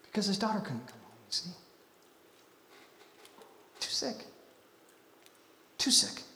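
A man from Utah preaching a sermon, swinging between hushed, intimate lines and loud, emphatic ones. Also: high-pitched, very animated, slow pace, slight background noise. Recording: echoey hall.

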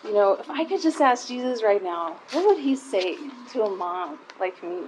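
A middle-aged woman speaks warmly and personally to a room of mothers, in a conversational way that sometimes comes close to tears. Her voice sits at a middle pitch for a woman. A faint hiss of background noise runs under the recording. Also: big pitch swings, moderate pace, low-quality recording. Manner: heartfelt, conversational, near tears at times. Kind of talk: personal talk to a live group.

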